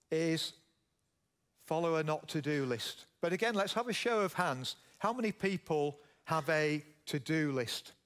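A man's voice: fairly high pitch, fairly bright tone. Yorkshire man giving a keynote speech. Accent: Yorkshire English. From Yorkshire, England. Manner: storytelling, asks the audience questions. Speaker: keynote speaker, business founder. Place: conference stage.

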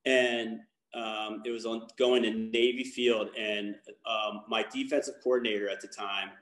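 A man's voice: fairly low pitch, flat delivery, a little slow, fairly bright tone, reverberant. A man from Baltimore giving a candid personal testimony as a guest speaker, talking in a rambling way with many fillers and restarts. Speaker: guest speaker, lacrosse coach.

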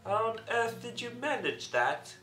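A man voicing a nervous, fawning male fishmonger in a high, jumpy pleading voice. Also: sing-song, unhurried, pushed and bright, echoey room, a little hiss or hum, heavily acted. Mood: mocking surprise.

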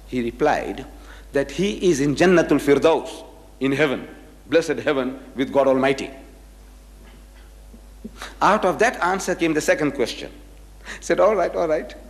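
A medium-pitched man lectures unhurriedly, with long pauses between thoughts. He's an animated raconteur who performs the dialogue in his anecdotes, and the recording carries echoey hall reverb.

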